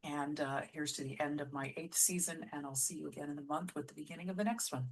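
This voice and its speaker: A woman with a low voice, who heads a musical theatre company, gives a casual vlog lesson on how to write lyrics. Patient throughout, she often goes back and restarts phrases, slowly sounding out example lines.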